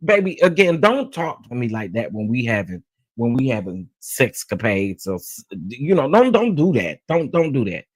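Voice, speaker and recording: A man's voice: medium pitch, very animated, normal speed, no room sound. A man hosting a celebrity gossip show in casual, sassy commentary, repeating phrases for emphasis and talking straight to his viewers. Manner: addresses viewers as "y'all". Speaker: host of a celebrity gossip channel.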